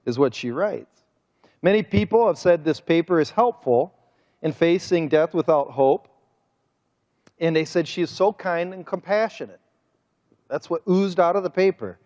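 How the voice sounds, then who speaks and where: A man preaching a sermon as pastor, speaking with drawn-out emphasis and a mocking, sarcastic edge. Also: fairly high pitch, a little mellow. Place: church sanctuary. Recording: muffled sermon audio with long church reverb.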